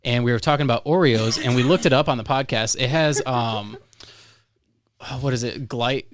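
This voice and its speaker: A man's voice: mid-range voice, normal speed, noisy background. A man hosting a podcast, chatting in an easygoing, rambling way. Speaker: podcast host. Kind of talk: casual interview chat.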